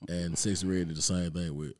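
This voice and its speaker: Low male co-host, slangy and joking, dry close sound. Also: level tone, fairly quick, a little mellow, no echo. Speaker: podcast co-host. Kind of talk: casual podcast banter.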